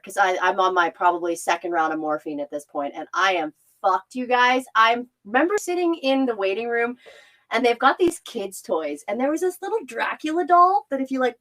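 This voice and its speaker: A woman's voice: medium pitch, a bit bright, low-quality recording. A young woman co-hosting a podcast, telling a story in casual chat, candid and swearing freely with bursts of laughter. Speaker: podcast co-host.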